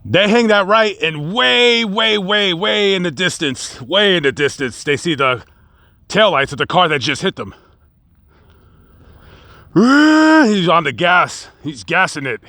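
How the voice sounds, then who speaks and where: A man recounts a true crime case in a casual vlog style, outdoors on location. His delivery is dramatic and builds excitement as he acts out the quotes. His voice is bright and forceful, and sits slightly high. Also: measured pace, no echo.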